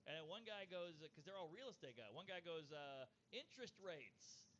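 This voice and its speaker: Man, comic storyteller, swears a lot, acts out quotes, slightly high voice, dull lo-fi recording with faint hiss. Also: lively intonation, normal speed, fairly bright tone. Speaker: comedian telling a bombing story. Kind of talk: casual podcast storytelling. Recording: dull lo-fi sound with faint noise.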